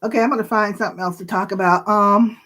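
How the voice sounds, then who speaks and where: A woman in her sixties hosting her own channel, chatting casually and emotionally to viewers with many pauses and fillers. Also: mid-range voice, fairly even intonation, a bit bright. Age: 60s. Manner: slow, emotional, tearful at times, with pauses and fillers. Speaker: channel host.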